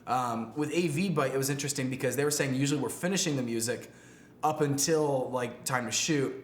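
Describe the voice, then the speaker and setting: A man hosting a live stream, reading out viewer questions in relaxed, chatty talk. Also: medium pitch, fairly quick. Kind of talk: casual live-stream chat. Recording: echoey room, faint noise.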